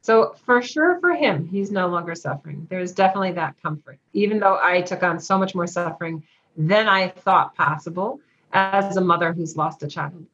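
A middle-aged woman speaking frankly in an interview, with a dark, wry humor. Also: lowish voice, moderate pace. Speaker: guest. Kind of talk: candid interview talk. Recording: slightly dull lo-fi sound.

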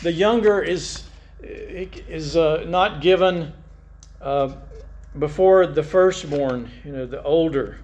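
A male pastor voicing a calm, stubborn old father-in-law within a sermon, speaking matter-of-factly and dismissively. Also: fairly high pitch, slow.

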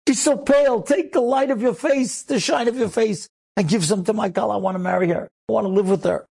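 A man's voice: fairly high pitch, fairly even intonation, fast talker, a little mellow, breathy edge, no room sound. A man voicing a young groom who prays tearfully and pleads for his bride. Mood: pleading.

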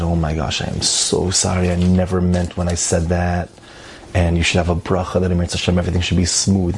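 A man telling a story in a casual, animated way, repeating phrases and sprinkling in Hebrew and Yiddish words. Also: deep voice, a little hiss or hum.

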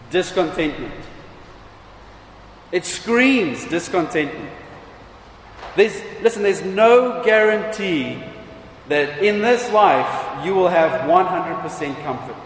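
A high-voiced man preaches in a church hall, stacking up emphatic rhetorical questions and repeated phrases. His voice carries a long, roomy reverb, with faint ambience behind it. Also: animated, slow pace, a little hiss or hum. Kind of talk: sermon.

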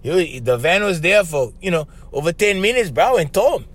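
A man with a Hawaiian Pidgin English accent, hosting a podcast and telling a story in an animated, casual way, repeating himself and calling the listener "bro.". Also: high-pitched, normal speed. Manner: animated, repetitive, with frequent laughs and "bro". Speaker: podcast host.

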